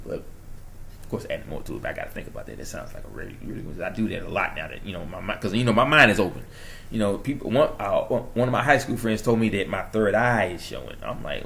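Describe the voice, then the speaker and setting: A young man with a New York accent, hosting his own channel and talking straight to his viewers in an excited, preachy monologue that swings from loud to hushed. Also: fairly low pitch, quick pace, vocal fry, a little hiss or hum. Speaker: channel host.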